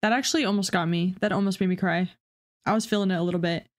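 A woman giving casual, excitable reaction commentary on a video game, swearing freely and thinking out loud. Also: fairly low pitch, fast, a little hiss or hum. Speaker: gaming reaction streamer.

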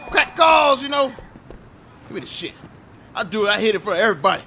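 High, bright young man shouting at a game. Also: lively intonation, quick pace, vocal fry. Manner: loud, cursing, sudden shouts at the game. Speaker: gaming commentator. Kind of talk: profane gameplay commentary.

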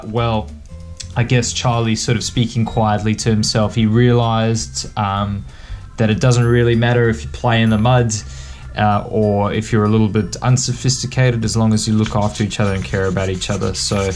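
A man from Western Australia, an author giving a relaxed, chatty writing lesson for kids. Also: on the low side. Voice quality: relaxed, chatty explaining with fillers. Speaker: author-illustrator teaching kids. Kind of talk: picture book writing lesson.

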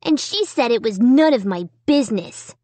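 A woman voicing a sly little boy who talks softly and acts innocent. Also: fairly high pitch, lively intonation, normal speed, dry recording. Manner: soft, innocent.

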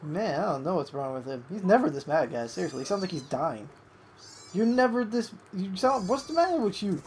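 A young adult gamer giving excitable live commentary over a match, swearing at opponents and coaxing a pet between plays. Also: medium pitch, fairly quick, slight background noise.

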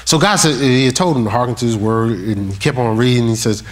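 A male pastor preaching a sermon, talking straight to the congregation and reading scripture aloud slowly. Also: medium pitch. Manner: animated, talks straight to the congregation with questions.

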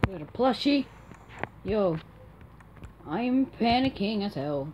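A woman's voice: medium pitch, expressive, slow pace, pauses often, background noise. A young adult woman commenting on a horror game as she plays, jittery and self-mocking, swearing often. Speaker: gamer.

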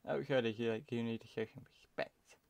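A man's voice: mid-range voice, steady tone, quick pace, gravelly, darkish tone, dry recording. A young British man from the UK, chatting and rambling to himself as he plays a video game. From United Kingdom. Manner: rambling, self-talking, trails off mid-sentence. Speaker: let's play commentator. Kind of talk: casual game commentary.

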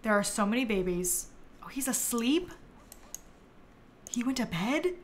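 A young woman streaming a life-simulation game, chatting excitably and talking to her characters. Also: a little high, a little slow, a little hiss or hum. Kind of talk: live game commentary.

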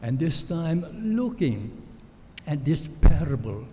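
A man gives a sermon in a church sanctuary, his voice sitting a little high yet warm and mellow. He speaks very slowly and reflectively, pausing often and reaching for words. The sound carries a long hall reverb with faint background noise. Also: expressive. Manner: slow, reflective, with frequent pauses and fillers. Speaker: pastor.

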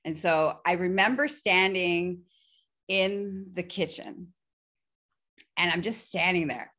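A woman with a somewhat low-pitched voice talks as a podcast guest. She tells a personal story in a candid, animated way, breaking off into quick asides. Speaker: podcast guest, BDSM wellness specialist.

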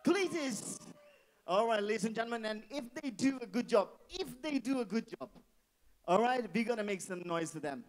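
A man's voice: very high-pitched, expressive, moderate pace, poor audio. A man acting as the MC at a wedding reception, hyping the crowd on a handheld mic and repeating his phrases. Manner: hypes the crowd, repeats phrases, calls for noise. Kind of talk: live wedding reception hosting. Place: indoor reception hall. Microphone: handheld microphone.

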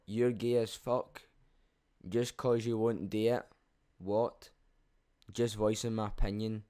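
A man's voice: on the low side, level tone, slow, warm tone, clean tone. A young man with a Scottish accent, reading out his own channel's comments and reacting with cheeky, sweary banter. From Scotland. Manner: cheeky, swears freely, laughs at himself. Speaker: YouTuber.

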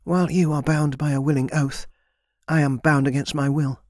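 Man doing a wary bitter servant girl, voice raised higher, storybook fantasy. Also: fairly even intonation, normal speed, a little mellow, no room sound, clean studio sound, natural voice. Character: guarded scarred young servant girl.

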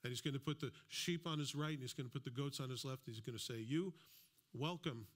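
A man at a mid pitch preaches a sermon in a church, talking to the congregation in a loose, conversational way. He drops in asides and briefly acts out the people he quotes. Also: very fast, fairly bright tone. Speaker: pastor.

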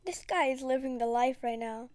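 A woman's voice: high voice, moderate pace, no room sound. A woman giving casual, rambling gameplay commentary, chatty and dramatic, full of slang. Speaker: gaming video creator.

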